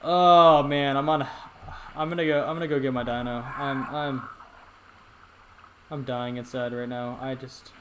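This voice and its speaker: A man's voice: mid-range voice, steady tone, moderate pace, pauses often, slight background noise. A young man hosting a gaming channel, giving rambling casual commentary to viewers as he plays. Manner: rambling, talks to viewers, frequent restarts.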